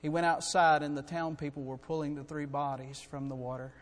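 A middle-aged man preaching a sermon in a church, earnest and building to loud, urgent storytelling. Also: medium pitch, level tone, brisk. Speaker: guest preacher. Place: church sanctuary. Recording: long hall reverb.

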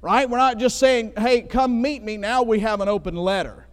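A man's voice: high voice, fairly even intonation, moderate pace. Man, preacher, conversational sermon, long hall reverb. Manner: conversational, asks "right?" often. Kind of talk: sermon with scripture reading.

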